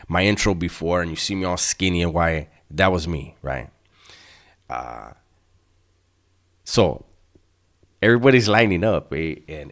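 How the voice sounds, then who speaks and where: A man's voice: low-pitched, fairly bright tone. A middle-aged man, casually telling a story to his viewers in profane street slang. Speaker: channel host telling prison stories.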